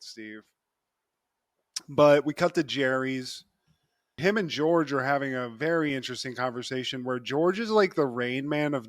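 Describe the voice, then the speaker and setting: A man's voice: mid-range voice, no echo, studio quality. A man co-hosting a podcast, recapping a sitcom episode in loose, profane chat and laughing often. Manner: animated, profane, laughs often, keeps addressing his co-host. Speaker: podcast co-host.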